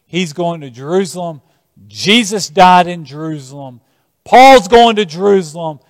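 A male preacher delivers a sermon, telling scripture as lively stories and leaning hard on key words. His voice sits fairly high. It rings out with a long reverb through a large church hall. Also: normal speed. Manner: animated storytelling, shifting emphasis.

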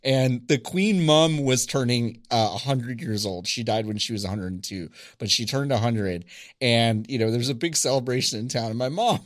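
A man's voice: mid-range voice, moderate pace, no echo, studio quality. A man in his thirties co-hosting a podcast, telling profane, joking stories in casual comedic chat. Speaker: podcast co-host.

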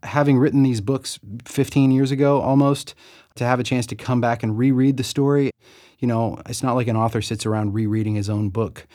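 A man's voice: mid-range voice, steady tone, a little fast, warm tone, no echo, clean studio sound. A middle-aged man from the American South, an author talking in a chatty, self-deprecating way about recording his audiobook, with small laughs. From Southern United States. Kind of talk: reflective interview monologue.

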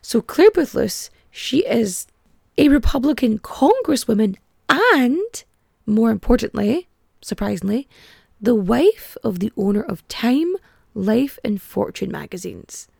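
A woman's voice: fairly high pitch, big pitch swings, measured pace, creaky, warm tone, slightly rough, dry recording, studio quality. Irreverent, chatty woman podcast host. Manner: chatty, irreverent, swears freely, lots of fillers. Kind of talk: casual comic history podcast.

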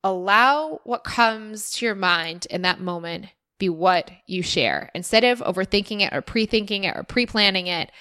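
A woman talks through listener questions on her own podcast. Her voice is bright and clear, with a middling pitch. She sounds earnest and encouraging, and she reflects as she goes. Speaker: podcast host. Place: former resident of Austin.

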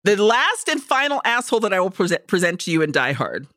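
Woman podcast co-host, bright and dry, animated sweary movie rant. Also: mid-range voice, fast, no echo. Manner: animated, profane ranting with acted-out quotes. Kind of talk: casual movie-review chat.

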